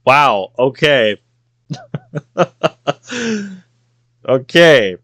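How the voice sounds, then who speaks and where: A man's voice: medium pitch, takes it slowly, long pauses, a bit bright, no echo. A man streaming a visual novel, reading it aloud and reacting with jokes. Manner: playful, reacts with jokes and laughter.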